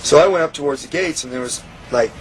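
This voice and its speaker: Interviewee, man, fired-up storyteller who acts out the quotes, voice sits a bit high. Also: fast talker, slight background noise, rough recording. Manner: heated, profane, acts out quoted lines. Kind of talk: animated storytelling.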